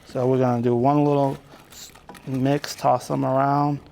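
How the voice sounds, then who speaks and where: Gravelly, low-key male chef. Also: level tone, normal speed, warm tone, a little hiss or hum. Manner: plain, matter-of-fact, brief. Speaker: guest chef. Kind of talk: casual cooking demonstration.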